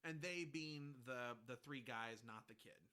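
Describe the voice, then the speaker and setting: A man hosting a casual film podcast, animated, laughing often and swearing freely. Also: medium pitch, a little slow, clear, resonant tone. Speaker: podcast host.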